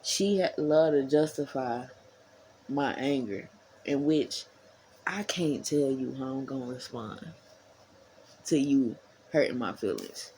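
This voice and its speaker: A woman talking casually to her followers, rambling and repeating herself. She swings from low murmurs to heated, profane bursts. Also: slow, pauses often, mellow, slight background noise, rough recording. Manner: frank and profane. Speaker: vlogger.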